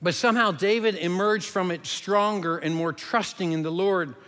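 Earnest male preacher with a high voice, recorded with long reverb. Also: moderate pace. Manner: earnest preaching, drops to a hush for emphasis. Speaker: pastor. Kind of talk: sermon.

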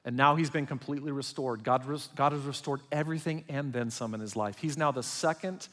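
A man's voice: mid-range voice, a little fast. Dynamic preaching man, reverberant hall. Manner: dynamic preaching, swings from loud emphatic to quiet and intimate. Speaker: pastor. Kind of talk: sermon.

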